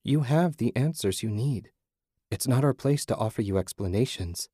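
A disembodied, otherworldly voice , as a male reader puts it on, speaks pleasantly, a touch above his usual pitch. It soothes and teases, knowing more than it says. The reading is close and dry. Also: animated, normal speed, mellow, husky, no echo. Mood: soothing, knowing. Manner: soothing, teasing, speaks in riddles.

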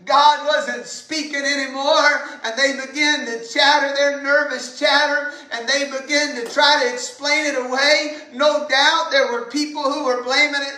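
High, bright-voiced woman preaching slowly. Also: steady tone, echoey room, low-quality recording. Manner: impassioned, building to shouts. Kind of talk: sermon.

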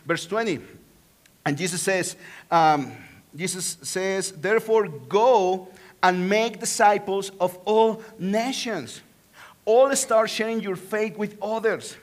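High-voiced Mexican-accented pastor preaching. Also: male voice. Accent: Mexican Spanish. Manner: animated, swings from hushed to excited, joking asides. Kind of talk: sermon.

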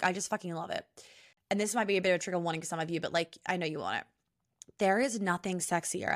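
A young woman hosting a podcast as a relationship coach, talking in a chatty, rambling way with lots of fillers and swearing. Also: mid-range voice. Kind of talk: casual podcast monologue.

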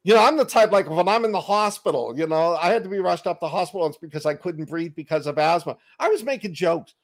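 Fast and animated, with a slightly high voice, a Boston-accented author tells self-deprecating stories as a guest on a video call. He sits at his home desk for this casual interview chat, cracking jokes and laughing at himself.

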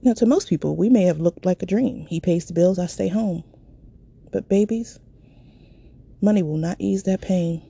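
A woman's voice: on the low side, normal speed, creaky, pauses often, dark tone, slightly rough. A woman telling a personal story in a raw, candid and profane way.

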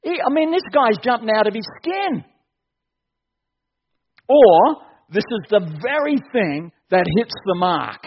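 A man preaching a sermon as pastor, joking and building to excited shouts. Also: extremely high pitch, a little slow, breathy edge, muffled recording.

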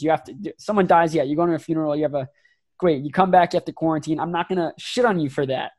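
A man co-hosting a sports podcast, ranting emphatically with quick restarts and rising outbursts. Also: high voice, a little mellow. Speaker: podcast co-host. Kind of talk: heated sports podcast rant.

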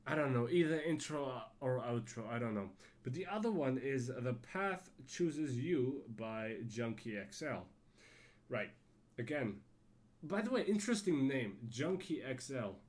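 A man's voice: mid-range voice, sing-song, a little slow. A man hosting a solo podcast, rambling casually with frequent restarts and little laughs. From Germany. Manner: rambling, self-correcting, laughs to himself. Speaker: podcast host.

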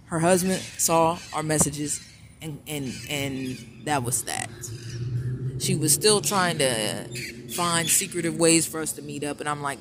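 A man with a somewhat high-pitched voice tells a personal story straight to camera. His delivery is casual and blunt, full of swearing, restarts and repeated phrases. A clear, constant background noise runs under the recording. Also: unhurried. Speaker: vlogger.

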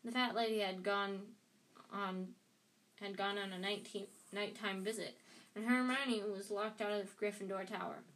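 A woman's voice: medium pitch, fairly even intonation, moderate pace, a bit bright. A woman reads a novel aloud, often stumbling and restarting phrases. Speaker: reader.

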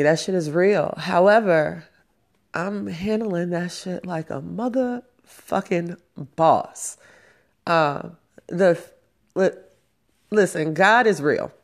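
A woman in her forties hosting her own vlog, talking through her feelings in a raw, emotional, profane way. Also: sits low. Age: 40s. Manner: slow, profane, emotional and self-hyping. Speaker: vlog host. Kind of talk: raw personal vlog monologue.

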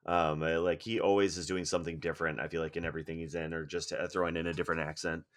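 A man's voice: low-pitched, level tone, very fast. A man co-hosting a casual movie discussion, rambling through his points and laughing mid-sentence. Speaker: podcast co-host.

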